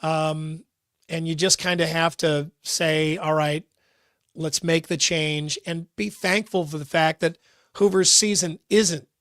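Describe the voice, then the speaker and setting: A man's voice: fairly high pitch, steady tone, takes it slowly, a bit bright, no echo, studio quality. A man co-hosting a sports talk radio show, earnest and thinking aloud, often repeating words as he works out a point. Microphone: studio microphone.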